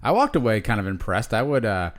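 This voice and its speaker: A man in his forties with a fairly low voice talks loosely on a podcast. He wanders through his thoughts, piling up fillers and restarting his sentences as he goes. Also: sing-song, quick pace. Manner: rambling, with many fillers and restarts. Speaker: podcast co-host. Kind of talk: casual chat.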